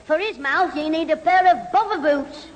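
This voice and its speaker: A man's voice: very high voice, moderate pace, muffled recording. A man playing a cocky, wisecracking young schoolboy in a 1970s radio comedy. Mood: cheeky. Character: cheeky mischievous young schoolboy. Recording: old radio recording, loud hiss, hall reverb.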